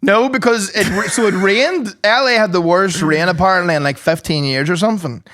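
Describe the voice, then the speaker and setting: A man's voice: high voice, brisk, fairly bright tone, dry recording, clean studio sound. A young man, co-hosting a podcast, telling sweary stories in casual chat and laughing often. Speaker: podcast co-host.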